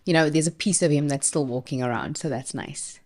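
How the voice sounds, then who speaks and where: A woman hosting a podcast interview, asking follow-up questions in a relaxed conversational way and laughing often. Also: deep voice, brisk. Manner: warm follow-up questions with frequent light laughter. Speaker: podcast host.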